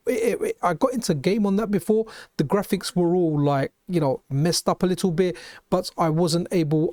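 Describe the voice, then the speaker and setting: A man's voice: fairly high pitch, a little mellow, dry recording, clean studio sound. A man with a London accent hosting a retro gaming channel, chatting casually over gameplay and often restarting his sentences. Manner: chatty, restarts and repeats words.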